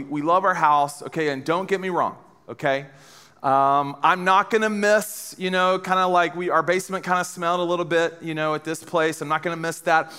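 A man's voice: sits high, bright, forceful tone, smooth, big-room sound. A man in his thirties giving a live talk to a college audience, telling stories with playful, self-mocking jokes and speaking straight to the room. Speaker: speaker at a college ministry gathering.

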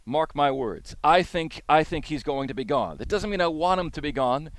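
A man's voice: on the high side, animated, moderate pace, hardly any pauses, dry recording. A man hosting a sports talk radio show, delivering an emphatic monologue and repeating his points for emphasis.

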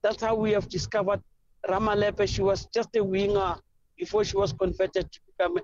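A South African woman coach tells her stories in a rambling, effusive flow, circling back to names and details. Her voice sits at an ordinary middle pitch. The recording is dull and somewhat lo-fi. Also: level tone, normal speed, darkish tone, dry recording. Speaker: football coach. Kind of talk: interview answers.

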